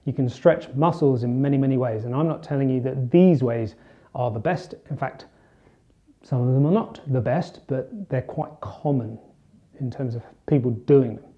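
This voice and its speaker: On a muffled recording, a man with a medium-pitched voice speaks at a normal speed. He's a fitness coach giving an instructional demonstration, chatting in a relaxed, casual way while he shows some stretches.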